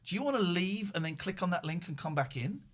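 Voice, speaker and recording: A middle-aged man hosting a casual live show, chatty and excitable, rambling with frequent restarts. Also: high-pitched, quick pace. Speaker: show host.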